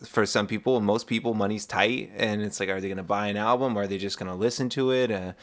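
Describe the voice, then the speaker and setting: A man's voice: fairly low pitch, steady tone, quick pace. A man hosting a podcast, chatting casually and encouraging his guest. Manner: encouraging, talkative, easy laughs. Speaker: podcast host.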